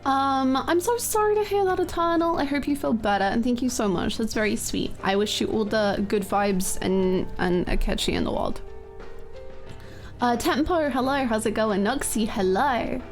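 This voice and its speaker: A woman's voice: fairly high pitch, normal speed, soft background music. A woman streaming a game, chatting casually and greeting viewers, her voice a bit scratchy, laughing often.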